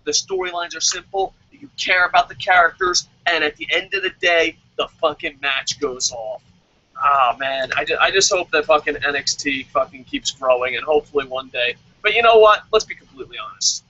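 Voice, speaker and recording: Male vlogger, high and sharp, swears nonstop in a sarcastic rant. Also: brisk, no echo, dull audio. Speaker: wrestling review vlogger. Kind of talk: profane angry rant.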